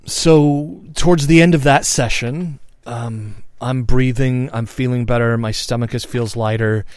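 A man's voice: fairly low pitch, clear, resonant tone, no echo. A man of fifty telling a personal story in a frank, reflective monologue, swearing freely and often restarting his sentences. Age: 50s. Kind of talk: candid spoken monologue.

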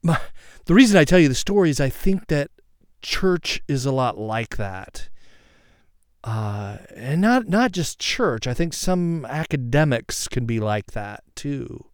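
A man's voice: mid-range voice, lively intonation, unhurried, smooth, no room sound, clean studio sound. A man hosting a show, talking reflectively about faith and checking in with "right?". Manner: thoughtful, with many restarts and "right?" tags. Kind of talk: reflective spiritual talk.

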